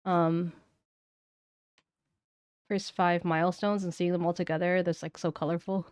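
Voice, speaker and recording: Lower-voiced woman chatting on stream. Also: level tone, measured pace, darkish tone, clean tone, no room sound, studio quality. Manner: rambling, searches for words. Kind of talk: casual stream chat.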